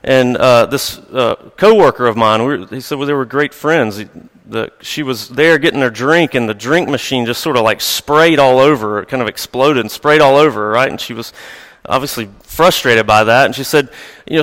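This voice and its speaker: A man's voice: mid-range voice, moderate pace, a bit bright. Man preaching in a reverberant hall. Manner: conversational, storytelling, with light chuckles. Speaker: pastor. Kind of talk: sermon. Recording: long reverb of a large hall.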